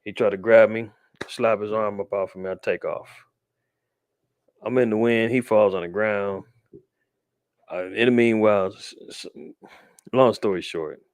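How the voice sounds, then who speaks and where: A man's voice: fairly low pitch, dry recording, clean studio sound. A man hosting a show, talking loosely about the news with slang and restarts. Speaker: podcast host. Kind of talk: casual commentary on news.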